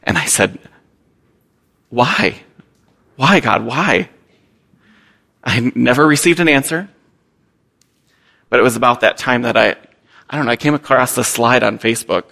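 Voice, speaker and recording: A man's voice: medium pitch, brisk, gravelly, pauses often, pushed and bright. A young man, a missionary, giving a candid and earnest personal testimony to a church, with some self-deprecating humor.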